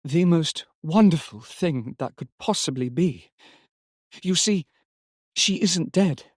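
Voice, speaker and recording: A man's voice: a little high, animated, brisk, no room sound, clean studio sound, pitched above the performer's own voice, natural voice. A man voicing a grieving young wife who is now overjoyed and urgent, speaking breathlessly and with emphasis. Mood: elated. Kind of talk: audiobook character reading.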